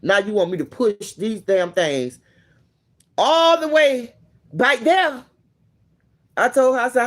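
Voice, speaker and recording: A man hosting a vlog, casually telling a story to a friend in a profane, animated way and acting out what people said. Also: very high-pitched, slow, pauses often. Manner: animated, profane, acts out quoted dialogue. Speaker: vlog host.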